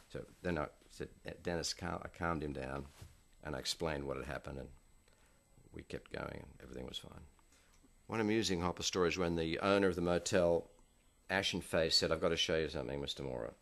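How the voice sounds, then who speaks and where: Deep-voiced man telling film-set stories. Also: fairly quick, vocal fry, a bit bright. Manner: dry storyteller acting out quoted voices. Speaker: film director. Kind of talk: anecdotal interview storytelling.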